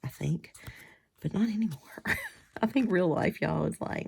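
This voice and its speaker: A woman chatting casually in a crafting vlog while she makes cards, still getting over a cold. She rambles and often drops into soft, half-whispered asides. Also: fairly low pitch, very animated, measured pace, vocal fry, breathy edge. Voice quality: whiny-sounding. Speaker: crafting vlogger making cards.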